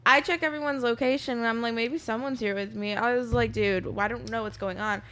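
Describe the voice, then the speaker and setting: A woman's voice: fairly high pitch, fairly even intonation, fairly quick, pushed and bright, a little hiss or hum. A young woman chatting casually as a podcast guest, telling a rambling story and acting out her own lines. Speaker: bartender guest. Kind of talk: casual chat.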